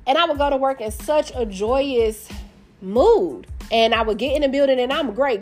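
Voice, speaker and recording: A woman hosts a podcast, chatting in a candid, sassy way. Her voice sits a little high, with faint music behind her. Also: normal speed, a little mellow. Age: 30s. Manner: candid and sassy, addresses listeners as y'all and baby. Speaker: podcast host. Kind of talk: casual storytelling monologue.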